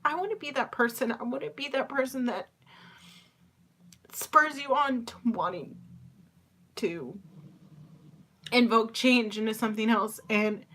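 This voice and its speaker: A young woman hosting her own podcast, speaking in a confessional, halting way, tearful with a cracking voice. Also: a little high, a bit bright. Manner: emotional, halting, confiding. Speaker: podcast host.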